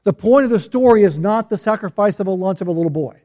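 Folksy preacher, mellow higher male voice. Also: animated, fast talker. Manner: folksy and humorous, with rhetorical questions to the congregation; frequent restarts and repeated words. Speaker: pastor. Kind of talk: conversational sermon.

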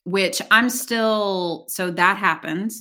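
A woman's voice: mid-range voice, slow, bright, forceful tone. A woman guest on a podcast, talking casually and hesitantly, with many fillers.

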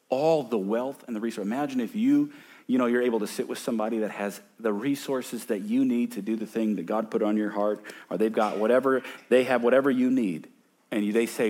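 A man in his thirties, a pastor preaching a sermon, moving from loud emphatic points to hushed storytelling. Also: medium pitch, very animated, fairly quick. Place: church sanctuary.

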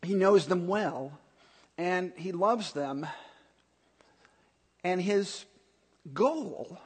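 A pastor preaching a sermon in an earnest, emphatic way, repeating key points. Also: male voice, high-pitched, lively intonation, very slow, breathy edge, in a large hall.

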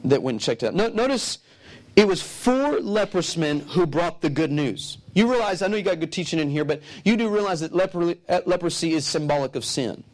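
High-voiced animated male preacher. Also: fairly quick. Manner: animated storytelling, laughs through his lines. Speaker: pastor. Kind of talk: sermon.

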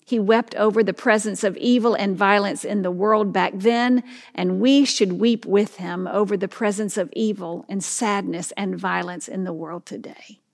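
A woman pastor preaching a sermon in an earnest, reflective way, letting her line ends fall soft and quiet. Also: medium pitch, fairly even intonation, normal speed, creaky, hardly any pauses, long reverb tail.

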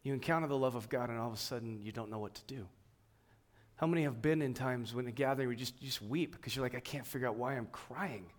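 A man preaching a sermon, swinging between emphatic, raised passages and quiet, hushed ones. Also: medium pitch, quick pace. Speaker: pastor.

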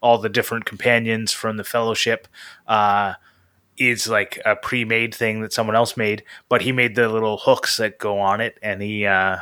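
A man co-hosting a podcast in casual chat, relaxed and rambling with lots of fillers. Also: on the low side, moderate pace, clear, resonant tone, no echo, clean studio sound. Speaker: podcast co-host.

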